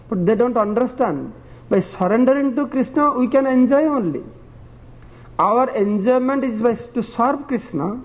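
A man's voice: very high voice, lively intonation, moderate pace, long reverb tail, rough recording. A man preaching a devotional sermon and telling parables in simple, broken phrasing, chuckling at his own stories.

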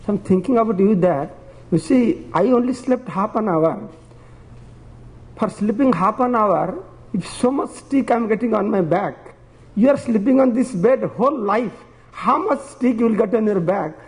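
A man voicing a poor young maid servant who answers a beating with calm mockery, in a spoken sermon story. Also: mid-range voice, moderate pace, in a large hall, natural voice. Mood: amused. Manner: calm, mocking retort.

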